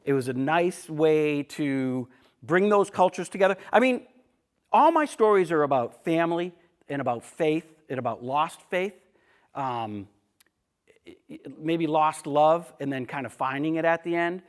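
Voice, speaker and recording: A man's voice: fairly high pitch, expressive, unhurried. A middle-aged man, talking casually to an audience about his books, full of asides and restarts. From Boston area. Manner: storytelling, chatty, with frequent restarts and asides. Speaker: author giving a talk. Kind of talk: casual author talk to an audience.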